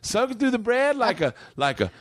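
A man's voice: very high voice, sing-song, normal speed, no room sound, studio quality, pitched above the performer's own voice, full character voice. A man voicing a hearty Southern country man with an exaggerated drawl, mocking in a podcast bit. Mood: hammy delight. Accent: American Southern.

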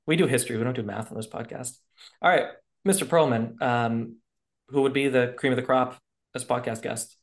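A man's voice: mid-range voice, brisk. A man hosting a podcast, asking loose, jokey questions in casual interview chat. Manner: jokey, loose, with fillers and laughs. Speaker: podcast host.

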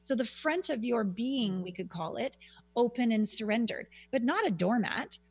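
A woman talking as a guest on a talk radio show, coaching in a casual, animated way and acting out little bits of dialogue. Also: on the high side, normal speed, slightly rough. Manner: animated, acts out quoted dialogue; coaching, soothing tone. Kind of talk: casual interview chat.

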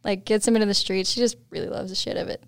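A young woman guest on a podcast, telling a story in casual chat, laughing often and animated when quoting others. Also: mid-range voice, rapid-fire, gravelly, dry recording, studio quality.

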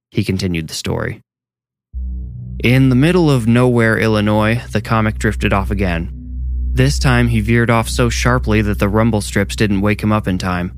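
A man narrating a horror story in a slow, measured storytelling manner. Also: fairly low pitch.

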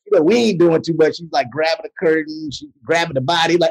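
A man's voice: a little high, a little fast, gravelly, slightly rough, low-quality recording. A man, an actor and comedian, telling stories in a casual interview and slipping into voices when he quotes people. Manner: animated, jumps into voices when quoting people, laughs mid-story. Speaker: actor and comedian, podcast guest. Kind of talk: casual storytelling.

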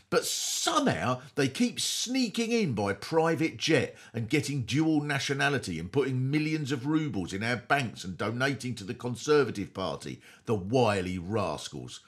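A man's voice: mid-range voice, very animated, normal speed. A man hosting a podcast, delivering a satirical comedy monologue in a sardonic, mock-earnest way. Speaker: host.

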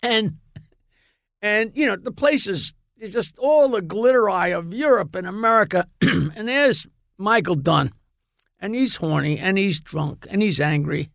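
A man telling comic show-business stories in casual chat, animated and laughing through his punchlines. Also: sits high, unhurried, vocal fry, no echo, clean studio sound. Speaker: guest comedian. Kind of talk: casual storytelling.

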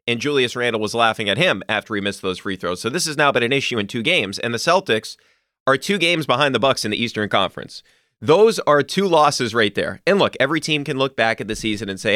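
Guy hosting a sports show, a bit high voiced, worked up and swearing now and then. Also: dry recording, studio quality. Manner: animated, emphatic ranting with occasional swearing. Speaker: sports podcast host. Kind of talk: solo sports commentary.

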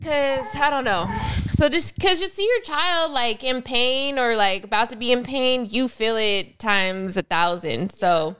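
Brief: fairly high, smooth woman's voice, emotional, talkative co-host. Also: measured pace, bright, forceful tone. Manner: emotional, chatty storytelling. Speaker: podcast co-host. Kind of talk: casual chat.

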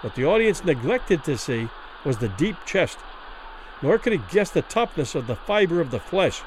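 A male storyteller giving a vivid dramatic reading of a classic tale. His voice rides rather high and moves a great deal in pitch, rising and falling with the action. Faint noise sits underneath. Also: moderate pace, low-quality recording. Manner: vivid, expressive narration. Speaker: narrator.

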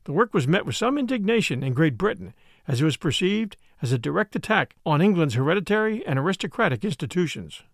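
A man reading a story aloud as an audiobook narrator, with expressive, shifting emphasis. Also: on the high side, fast talker, vocal fry, no room sound, clean studio sound.

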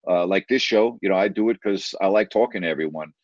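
A man's voice: sits low, fast talker, dry recording. A middle-aged man, a broadcaster and podcast host, telling stories in a casual interview; he rambles, repeats phrases and stretches words for emphasis. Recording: dull, dry podcast audio.

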